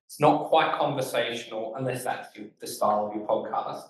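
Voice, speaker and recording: A man with an Australian accent giving a casual talk on making podcasts, talking quickly with lots of fillers and stressed words. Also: mid-range voice, slight background noise. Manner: fast-talking, emphatic, loose with fillers. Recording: echoey room, voice from far off.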